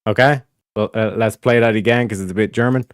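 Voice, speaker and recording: Smooth dry-voiced male streamer, rambling. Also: on the low side, fairly even intonation, a little fast, dry recording. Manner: rambling, profane, repeats "do you know what I mean". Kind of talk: casual explanatory stream talk.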